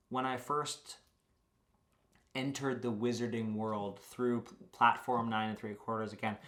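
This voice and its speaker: A man's voice: medium pitch, a bit bright. A young man, a YouTuber, giving a rambling, joking recap that is full of swearing.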